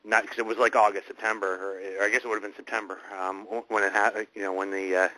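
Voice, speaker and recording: A man hosting a casual online radio chat, talking in a halting, rambling way with many restarts. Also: on the low side, flat delivery, sharp tone, poor audio. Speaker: host.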